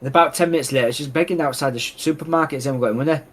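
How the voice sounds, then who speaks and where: A man's voice: fairly high pitch, very fast, fairly bright tone. A man co-hosting a podcast, telling chatty anecdotes in casual talk and acting out the dialogue. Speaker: podcast co-host. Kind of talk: casual chat.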